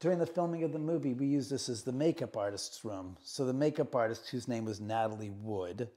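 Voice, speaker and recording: A middle-aged man, medium in pitch and a little fast, is the owner showing people around a room of his house. In easygoing storytelling, he relives his ghost encounters, animatedly voicing the quotes himself.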